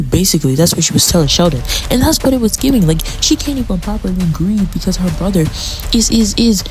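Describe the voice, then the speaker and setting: A woman's voice: medium pitch, lively intonation, fast, darkish tone, soft background music. A woman giving a casual commentary on a TV episode, chatty and dramatic, repeating phrases for emphasis. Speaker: TV show commentator.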